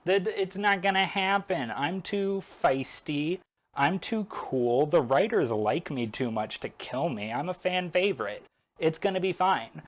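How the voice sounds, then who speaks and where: A man's voice: on the high side, animated, a little slow, pitched above the performer's own voice. A man putting on a flippant, breezy young woman who shrugs off worry. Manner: flippant, lightly raised voice.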